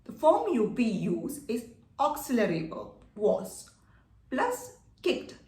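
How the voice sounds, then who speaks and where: A woman's voice: fairly high pitch, huge pitch swings, takes it slowly, a little mellow, far from the mic. A woman teaching a grammar lesson, patiently repeating key points and checking that viewers follow. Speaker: English teacher. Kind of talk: explanatory online grammar lesson. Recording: echoey room, voice a bit off-mic.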